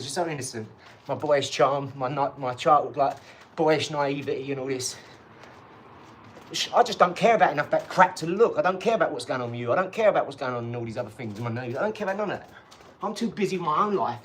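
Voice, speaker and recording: A man in his forties talks on a live stream, drifting from one topic to the next and bragging cheerfully, with a laugh at his own expense. His voice sits a little high. A faint background hum runs under the whole recording. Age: 40s. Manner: chatty, boastful, drifts between topics, laughs at himself. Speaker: channel host. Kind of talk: rambling live-stream chat with boxing tips.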